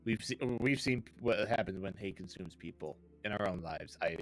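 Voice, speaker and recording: A man's voice: low voice, normal speed, low-quality recording. A man playing his character in a tabletop game, talking earnestly and steadily with many restarts. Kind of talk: in-character role-play.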